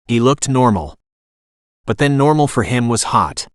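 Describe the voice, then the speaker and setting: A synthetic male text-to-speech voice doing scripted audiobook narration, with an expressive reading. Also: mid-range voice, unhurried, no echo, studio quality.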